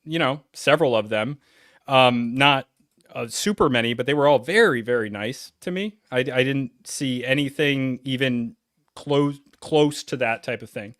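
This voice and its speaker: A man's voice: mid-range voice, normal speed, a bit bright, no echo, studio quality. A man hosting a reaction video, talking casually and rambling with lots of "like" and fillers. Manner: rambling, heavy use of "like" and fillers. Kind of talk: casual commentary.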